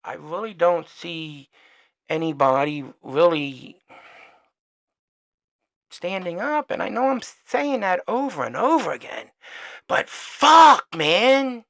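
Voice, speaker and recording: A man's voice: a little high, lively intonation, unhurried, creaky, pauses often. Profane, rambling man ranting on a podcast. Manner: trails off quieter when signing off. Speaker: podcast host. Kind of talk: solo opinion rant.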